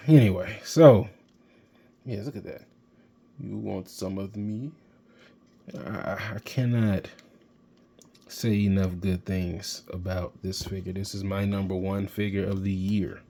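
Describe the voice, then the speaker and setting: Low-voiced excited man reviewing toys. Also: takes it slowly, vocal fry, pauses often, slight background noise. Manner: excitable, rambling, geeking out. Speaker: toy reviewer. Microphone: handheld camera mic.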